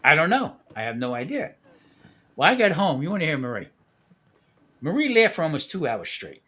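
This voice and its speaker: A man's voice: fairly high pitch, sing-song, moderate pace, fairly bright tone. A man hosting a live stream who tells a long, profane anecdote with frequent laughter. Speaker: host. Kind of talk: casual storytelling on a live stream.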